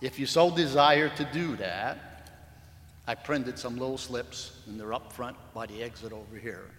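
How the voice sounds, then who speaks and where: A man preaching a sermon in a church, measured and earnest, recorded with church echo. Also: mid-range voice, fairly bright tone, slight background noise. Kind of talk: sermon with story reading. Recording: echoey church hall.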